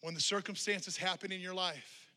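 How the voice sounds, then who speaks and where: A man preaching in a church, his voice pitched high and ringing very bright and forceful. He presses his listeners with one rhetorical question after another, building intensity as he goes. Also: steady tone, normal speed. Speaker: pastor. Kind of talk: sermon.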